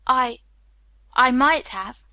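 A woman voicing a calm, stubborn Englishman who answers questions with clipped, guarded refusals. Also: sits high, extremely slow, no room sound, full character voice.

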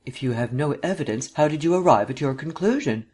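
A man's voice: on the high side, expressive, quick pace, darkish tone, slightly rough. A man voicing a stern male district attorney who speaks coldly and indignantly. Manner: cold, clipped and indignant.

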